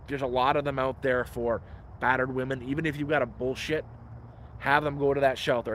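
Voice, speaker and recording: A man living outdoors streams live from the woods, strolling through his camp and giving candid, foul-mouthed advice into his phone. The voice is mid-range and a bit bright, and there's a little hiss or hum.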